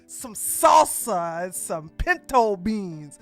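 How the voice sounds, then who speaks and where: A woman's voice: mid-range voice, very animated, slow pace, gravelly, music in the background, voice pushed down, exaggerated voice. A woman putting on a flamboyant, sassy man just out of jail, campy and drawling. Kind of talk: mocking podcast impression.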